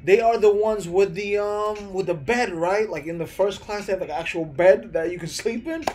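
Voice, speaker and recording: A man's voice: high-pitched, normal speed, darkish tone, soft background music. Chatty American-accented man live streaming. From Philippines, raised in the US. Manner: chatty, frequent "bro" and "man", many restarts. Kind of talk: casual live stream chat with viewers.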